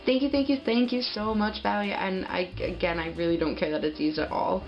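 A woman's voice: medium pitch, brisk, muffled recording. Gushing young woman vlogging a package. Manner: gushing, excitable, many fillers and laughs. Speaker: pet vlogger. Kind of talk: casual unboxing vlog.

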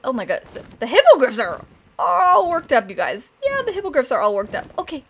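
Bubbly high-voiced young woman gamer. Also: a little fast. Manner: bubbly, excitable, gasps and squeals with delight. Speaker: gaming channel host. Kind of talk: casual let's-play commentary.

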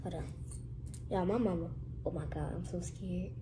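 A young woman chatting casually to camera in a vlog, lively and sometimes dropping to hushed whispers. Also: on the low side, moderate pace, noisy background. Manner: lively, switches to hushed whispers when nervous. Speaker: vlogger.

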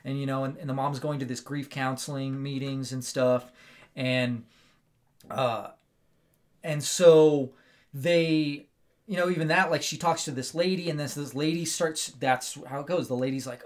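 A man hosting a casual movie review, telling the story in an animated, rambling way with lots of fillers and tag questions. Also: mid-range voice, a little slow. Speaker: movie review show host.

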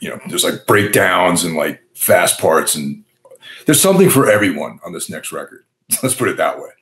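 A man with a remarkably deep, low voice speaks as a podcast guest. He sounds laid-back and unhurried. His phrasing is loose, peppered with "like" and "you know". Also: very animated, a bit bright. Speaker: guest musician. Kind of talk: casual interview chat.

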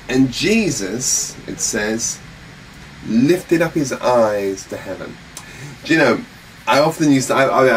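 A man preaching a sermon in an animated, exclaiming way, urging his listeners to watch. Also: mid-range voice, distant mic, poor audio. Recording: faint air-conditioning hum, mic set back.

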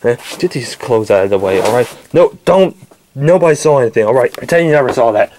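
Man yelling through a squabbling toy skit. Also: lively intonation, fairly quick, a little hiss or hum. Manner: shouty, bickering, jumps between high yelps and low grumbles. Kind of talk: improvised toy skit, arguing in several voices.

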